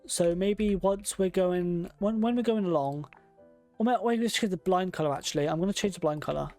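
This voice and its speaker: A game streamer talking casually to the audience while placing furniture, thinking each choice through aloud. The voice has a noticeable gravelly fry to it, and soft game music plays underneath. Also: mid-range voice, a little fast. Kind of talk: casual gameplay commentary.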